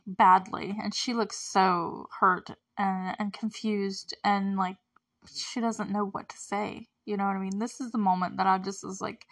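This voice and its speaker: A young woman talking through a TV episode in a loose, chatty way. Her voice sits at a middle pitch, and she fills her sentences with likes, ums and quick laughs. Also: flat delivery, fairly bright tone. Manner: chatty, many fillers and likes, laughs often. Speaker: show recapper. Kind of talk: casual recap chat.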